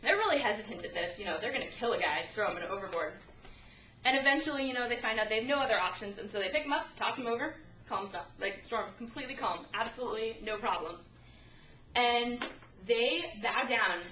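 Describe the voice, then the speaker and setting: Bright-voiced young woman preaching from afar. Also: fairly high pitch, fairly quick, muffled recording, slight background noise. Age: young adult. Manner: chatty, animated, acts out quoted voices. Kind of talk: informal sermon with storytelling. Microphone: handheld camcorder at a distance. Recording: echoey room from a far camcorder.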